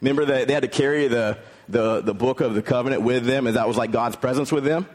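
A man's voice: medium pitch, fast talker, a little mellow. Man preaching a conversational sermon. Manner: conversational preaching, paraphrasing scripture in everyday words. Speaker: pastor.

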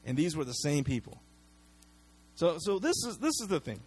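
A man delivers a sermon in a relaxed, conversational way, retelling a story with lively acted-out quotes. His voice sits a little higher than most men's, and he stumbles over repeated words and fillers as he goes. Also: moderate pace, breathy edge. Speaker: pastor.

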